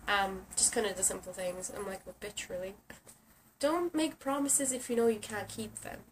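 A woman's voice: mid-range voice, expressive, moderate pace. A young woman who is sick, ranting sarcastically in a casual vlog and swearing often. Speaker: vlogger. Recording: distant camera mic with faint hiss.

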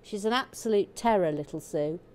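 A woman's voice: medium pitch, normal speed, darkish tone. A woman hosting a livestream, chatting casually and jokily as she reads viewer comments while building. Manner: chatty, jokey, self-interrupting. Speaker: livestream host building a brick set.

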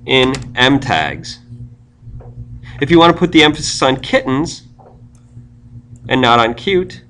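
A man's voice: mid-range voice, a bit bright. A man giving a screencast tutorial on web pages, explaining step by step and thinking aloud as he types.

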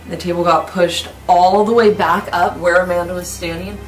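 A woman vlogger in a dark old house recounts a rumored ghost story in a casual, excited way. Her voice sits a bit low. The sound is roomy and picked up from some distance off. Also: moderate pace, slight background noise. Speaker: paranormal vlogger. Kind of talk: casual ghost-hunting chat. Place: inside an old historic house at night.

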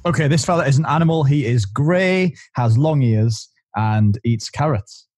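A man co-hosting a podcast, reading out game clues in a halting, stop-start manner. He fills the gaps with frequent hesitations. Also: medium pitch, expressive, music in the background. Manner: halting, many "uh" fillers. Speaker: podcast co-host.

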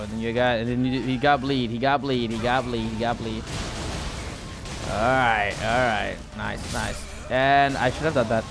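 A man giving live gameplay commentary as a gaming YouTuber, rambling and repeating words, with frequent exclamations. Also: mid-range voice. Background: background music.

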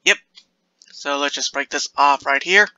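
Bright, high-pitched young man gaming. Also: a little slow, no echo, dull audio. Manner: chatty, jumpy, self-mocking, laughs often. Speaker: gaming video creator. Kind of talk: casual Minecraft commentary.

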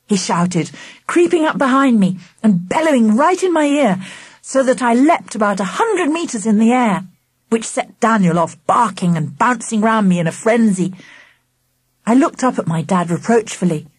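A woman narrating a children's book in first person, with expressive storytelling. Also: a little high, moderate pace, breathy edge, no room sound. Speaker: audiobook narrator.

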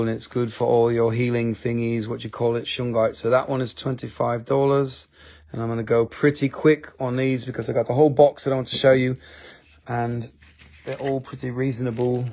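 A man's voice: mid-range voice, darkish tone. A man hosting a casual live-stream sale of rocks and minerals, chatty and jokey, with offhand swearing.

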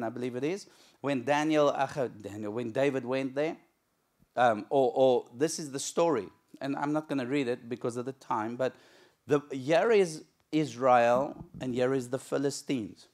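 A male pastor preaching a sermon in church, telling a story with lively, acted-out moments. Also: mid-range voice, normal speed. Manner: animated storytelling, acts out shouting crowds.

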